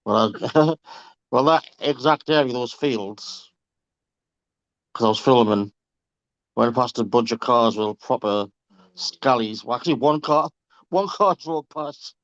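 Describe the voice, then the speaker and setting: Slow and pausing often, a mid-range male voice tells casual anecdotes to his reading group over a call, chatty, swearing freely, and laughing along the way. The call audio is dry, lo-fi, and slightly dull.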